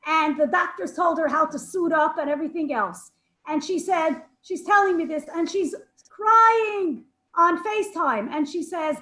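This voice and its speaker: High-voiced New woman, emotional storyteller. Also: sharp tone, roomy sound, poor audio. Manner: emotional, halting, restarts mid-sentence. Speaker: speaker at a women's gathering. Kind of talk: heartfelt storytelling. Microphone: video call.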